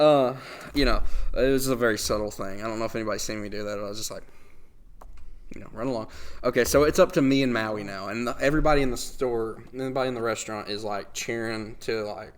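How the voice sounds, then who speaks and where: Young man telling a lively anecdote. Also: fairly low pitch, fast talker, smooth. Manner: animated anecdote telling, laughs often. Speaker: podcast host. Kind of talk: casual storytelling.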